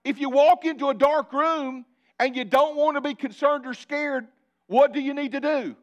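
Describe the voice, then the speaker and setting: A male pastor preaching a sermon, building repeated phrases and dropping into quiet asides. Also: fairly even intonation, normal speed, dull audio. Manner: preaching with sudden drops to a low conversational aside.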